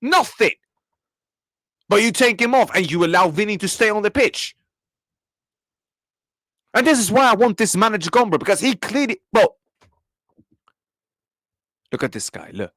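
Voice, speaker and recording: A young man, furious after a match and snapping back at his chat. His voice sits high and jumps all over the place as he rants. The sound is dry and close. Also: very animated, moderate pace, pauses often, fairly bright tone, dry recording. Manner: angry, repetitive, swearing, talks back to chat. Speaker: football reaction streamer. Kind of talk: live match reaction rant.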